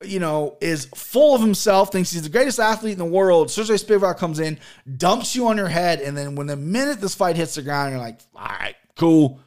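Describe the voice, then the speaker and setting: A man with a somewhat high voice breaks down fight results in a loose, casual way. He is blunt and profane, and his thoughts ramble with frequent fillers. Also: a little fast. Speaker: MMA podcast host reviewing fights. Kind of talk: casual chat.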